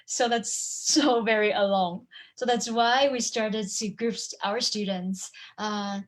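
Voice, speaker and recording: A woman teaching over a video call, lively and hands-on, humming examples and quizzing her listeners as she goes. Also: mid-range voice, takes it slowly. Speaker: language teacher and online course presenter. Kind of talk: live webinar talk with demonstration.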